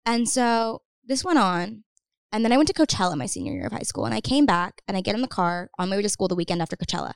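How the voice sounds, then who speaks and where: A young woman talks quickly and casually, piling on fillers as she tells her story to a podcast host. The recording is dry and close, with no room sound. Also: mid-range voice, animated, gravelly, smooth, no room sound. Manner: fast, chatty, lots of "like" fillers. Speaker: podcast guest.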